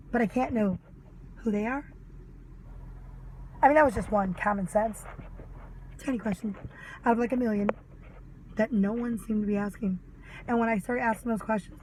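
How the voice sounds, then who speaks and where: A woman's voice: a little high, a little fast, pauses often, a little hiss or hum, rough recording. A mother ranting angrily to camera, sarcastic and full of swearing. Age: adult mother. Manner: heated, sarcastic, swears a lot. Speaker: vlogger. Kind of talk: angry ranting monologue.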